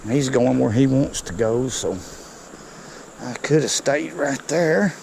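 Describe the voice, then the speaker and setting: A man, giving excited, folksy commentary to viewers while he fishes a creek outdoors. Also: medium pitch, slow pace, vocal fry, a little hiss or hum, poor audio. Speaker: fishing vlogger.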